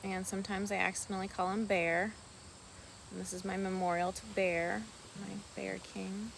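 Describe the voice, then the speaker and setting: A woman vlogging casually outdoors on a farm, talking softly and rambling fondly about her pet ducks. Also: mid-range voice, flat delivery, normal speed, vocal fry, a little hiss or hum. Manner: soft-spoken, meandering, affectionate toward her pets. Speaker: vlogger and duck keeper. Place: outdoors on a rural farm by water.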